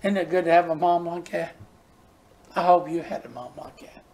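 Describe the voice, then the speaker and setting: A man's voice: a little high, moderate pace, creaky, darkish tone. Folksy older male preacher. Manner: folksy storytelling, repeats words when stressing a point. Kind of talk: sermon.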